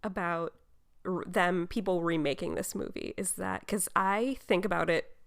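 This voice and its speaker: A woman's voice: fairly low pitch, fairly even intonation, moderate pace, creaky. A woman hosting a casual film podcast, talking enthusiastically and laughing often. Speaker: podcast host.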